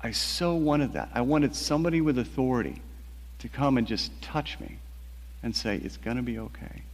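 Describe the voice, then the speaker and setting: A man's voice: medium pitch, lively intonation. Male novelist, mid-range voice, reflective storytelling with hesitant restarts; reverberant room. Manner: measured, quiet, with frequent halting restarts.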